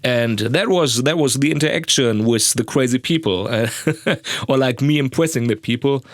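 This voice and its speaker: A young male podcast host whose first language is German delivers a casual monologue, rambling crudely and making fun of himself. His voice is medium-pitched at a normal speed. It was captured in a sound booth at studio quality with no echo.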